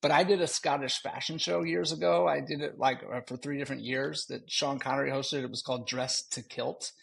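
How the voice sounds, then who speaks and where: A man co-hosting a podcast, telling a story in animated casual chat and laughing often. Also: medium pitch, a little fast, creaky, slight background noise. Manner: animated, laughing, slips into joking voices. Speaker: podcast co-host.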